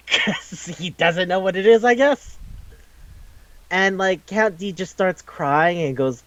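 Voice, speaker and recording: A man's voice: a little high, measured pace, no room sound, lo-fi sound. Chatty man with a raised voice, loosely rambling. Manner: loose and rambling, heavy on "like", swears freely, acts out quotes. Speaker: podcast co-host. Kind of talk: casual chat retelling a manga.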